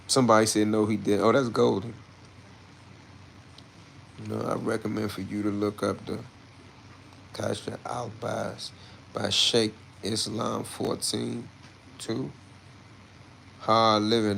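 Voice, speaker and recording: Gravelly brash man on a livestream. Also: on the low side, a little hiss or hum. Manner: brash, swears, moves between muttering and loud outbursts. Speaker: livestreamer reading chat comments. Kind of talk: casual livestream chat.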